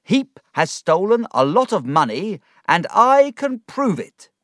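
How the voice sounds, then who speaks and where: A man voicing an excitable middle-aged gentleman in a storybook reading, theatrical and swelling with feeling. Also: high-pitched, takes it slowly, dry recording, studio quality, pitched above the performer's own voice, full character voice. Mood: triumphant. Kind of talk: audiobook character reading.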